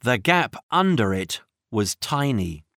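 A storybook narrator who reads very slowly and with great expression, the pitch rising and falling widely. The voice is recorded close, with no room sound at all. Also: very animated, a bit bright, no room sound. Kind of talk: children's audiobook reading.

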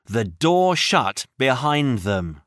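Slow, expressive storybook narrator. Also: mid-range voice, no echo, studio quality. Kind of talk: children's audiobook reading.

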